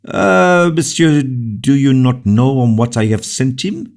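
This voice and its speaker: A man's voice: very animated, slow pace. A man voicing an impatient, imperious young king who speaks sharply and with authority. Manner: raised pitch, sharp and commanding.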